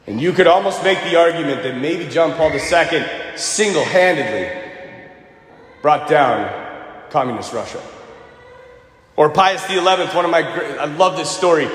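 A man's voice: a little high, normal speed, pauses often. A man preaching as a Catholic priest, telling stories and acting out the quotes. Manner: animated storytelling with acted quotes. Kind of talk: sermon. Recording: echoey church hall.

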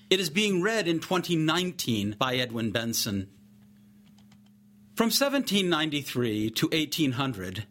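Bright-voiced man narrating a story. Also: on the high side. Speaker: podcast narrator.

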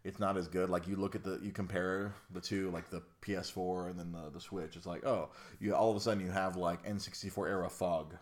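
A young man with a fairly low voice hosts a laid-back chat. He talks in loose, rambling runs, full of fillers and false starts. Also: steady tone, a little fast, few pauses. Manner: rambling, lots of fillers and restarts. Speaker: podcast host. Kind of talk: casual chat.

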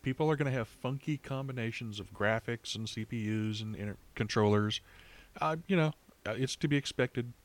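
A man's voice: mid-range voice, brisk. A man co-hosting a casual gaming podcast over an online call, thinking aloud in long, rambling turns full of restarts. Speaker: podcast co-host. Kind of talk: casual chat.

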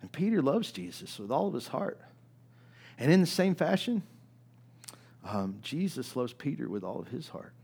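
A man preaching a sermon in a conversational way, often asking "right?", moving between loud, emphatic peaks and quiet, low stretches. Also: sing-song, moderate pace, vocal fry, pauses often, husky. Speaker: pastor.

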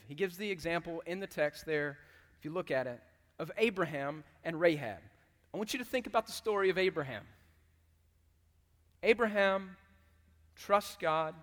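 A man preaching a sermon to his church, animated and acting out quotes with loud bursts. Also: high voice. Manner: animated, acts out quotes loudly. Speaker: pastor. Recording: long hall reverb.

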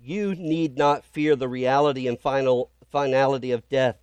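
A man's voice: medium pitch, steady tone, normal speed, a little mellow, smooth, no echo. A man preaching a sermon as pastor, retelling scripture in an earnest storytelling way with dramatic emphasis.

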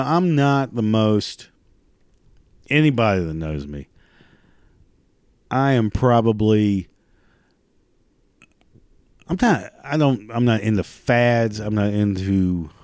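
A middle-aged man rants solo, swearing constantly and rambling with stops and restarts. His voice sits low, and the sound is bone dry and close, with no room around it. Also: darkish tone, no echo. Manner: profane, crude, ranting. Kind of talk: casual monologue rant.

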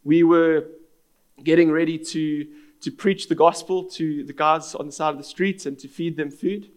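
A man's voice: a little high, steady tone, moderate pace. A man, preaching a sermon as pastor in an earnest, storytelling manner.

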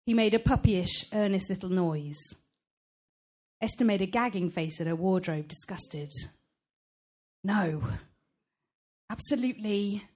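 A woman author reading her own novel aloud at a live event, measured and expressive. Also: on the low side.

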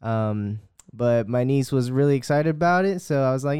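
Easygoing man with a smooth, clear voice. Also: mid-range voice, brisk, hardly any pauses, a little mellow, dry recording, studio quality. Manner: easygoing, hesitant with ums. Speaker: podcast co-host. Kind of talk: casual chat.

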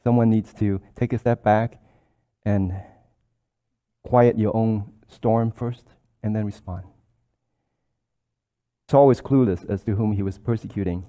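A man's voice: on the low side, fairly even intonation, unhurried, pauses often, dark tone. A man preaching a sermon, explaining scripture in an earnest, explanatory way and quoting verses.

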